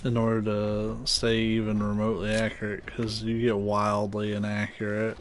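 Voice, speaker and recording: A man's voice: on the low side, monotone, moderate pace, soft background music. A man with a nasal voice, casually talking through a game he is streaming live, loose and profane. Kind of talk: live gameplay commentary.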